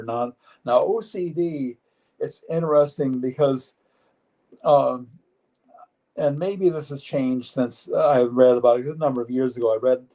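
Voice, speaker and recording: Mellow-voiced man in his seventies, halting. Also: medium pitch, low-quality recording. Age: 70s. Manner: earnest, matter-of-fact, halting with frequent restarts. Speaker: interview guest. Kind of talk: live-streamed personal interview.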